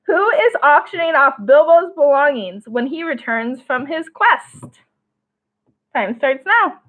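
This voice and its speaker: A young woman hosts trivia from home in a high, bright voice, chatty and quick to giggle. She reads each question slowly and clearly. The audio is thin and phone-like, like a live stream. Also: animated. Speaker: trivia co-host.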